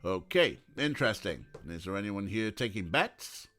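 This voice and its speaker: A man voicing a wry, teasing older father with a dry, low-key manner. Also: animated, moderate pace, fairly bright tone.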